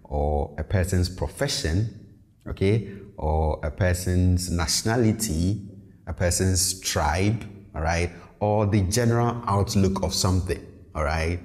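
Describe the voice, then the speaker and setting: Brief: male language tutor, deep voice, patient and repetitive, reverberant room. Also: a little slow, a little mellow. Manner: patient, repeats words, checks in with "okay" and "all right". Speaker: language teacher. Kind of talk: online language lesson.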